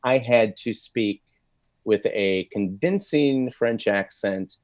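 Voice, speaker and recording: A man with a fairly low, grounded voice, recorded close and dry with almost no room sound. He talks through his story in a loose, rambling way, doubling back on his words and laughing between them, as a guest in a casual interview. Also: slow, a little mellow, no room sound. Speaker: voice actor guest.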